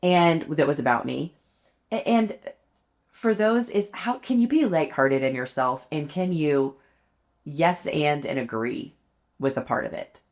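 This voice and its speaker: A woman's voice: sits low, animated, measured pace, a little mellow. A woman co-hosting a podcast, telling stories in casual chat, laughing often and poking fun at herself. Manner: chatty, laughs often, self-deprecating storytelling. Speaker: podcast co-host.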